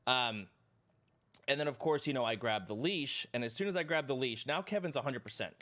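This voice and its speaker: A man live streaming, telling his chat a rambling, profane story in a casual, animated way. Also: medium pitch, brisk.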